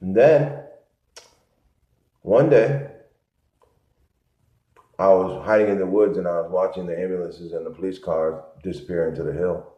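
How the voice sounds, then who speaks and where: A man from Connecticut telling a rambling, repetitive story in a low-key monologue. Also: moderate pace, long pauses. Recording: echoey, muffled lo-fi room sound.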